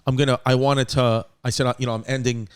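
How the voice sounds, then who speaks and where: A man's voice: medium pitch, flat delivery, quick pace, clear, resonant tone. A man hosting a comedy podcast, telling long rambling stories in casual chat and quoting others along the way. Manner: rambling storyteller, quotes his mother. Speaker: podcast host.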